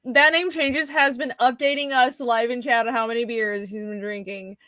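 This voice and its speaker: A woman's voice: fairly high pitch, steady tone, moderate pace, bright, forceful tone, no room sound. A woman co-hosting a comics livestream, chatting casually in a rambling way that trails off and restarts. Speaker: co-host and comic artist.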